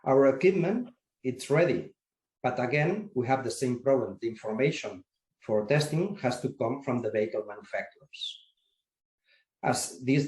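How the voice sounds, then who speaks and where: Man, interview guest, formal and measured, restarts now and then, echoey room. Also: medium pitch, darkish tone. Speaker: association secretary general. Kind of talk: interview answers. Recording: roomy echo.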